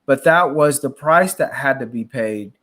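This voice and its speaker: A male host with an average-pitched voice reflects on faith in a relaxed interview. He circles his point, restarting phrases as he thinks aloud. His tone is conversational and sincere. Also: unhurried. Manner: reflective, with restarts and repeated words.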